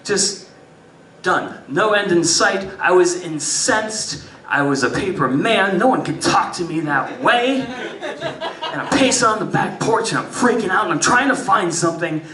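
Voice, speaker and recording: A man doing stand-up storytelling on a live stage, swinging between loud bursts and muttered asides. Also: sits high, very animated, unhurried, recorded from a distance. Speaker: stand-up comedian. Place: live music venue stage. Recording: roomy live club sound from afar. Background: audience laughter.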